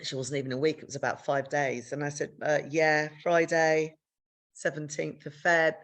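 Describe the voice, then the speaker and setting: A woman's voice: little pitch movement, moderate pace. A middle-aged woman from the UK on a podcast, telling a personal story frankly, swearing freely and acting out dialogue. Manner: frank, swears freely, re-enacts dialogue with big pitch jumps. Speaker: podcast co-host sharing her story. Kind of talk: candid conversational storytelling.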